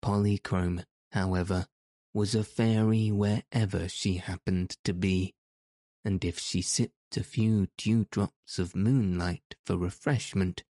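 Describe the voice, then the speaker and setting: A man calmly reading a classic fairy tale aloud as a narrator. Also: low-pitched, slow pace, dry recording. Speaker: audiobook narrator. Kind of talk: scripted narration.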